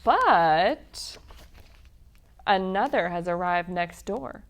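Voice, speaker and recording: A woman voicing a flattering magic mirror in a storybook reading, with a sing-song delivery. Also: on the low side, very slow, exaggerated voice.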